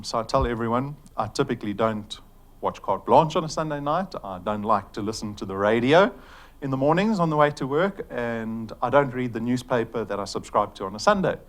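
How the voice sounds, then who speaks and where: A middle-aged man from South Africa giving a chatty business presentation to an audience, joking now and then, with fillers. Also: mid-range voice. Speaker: company executive presenting to an audience.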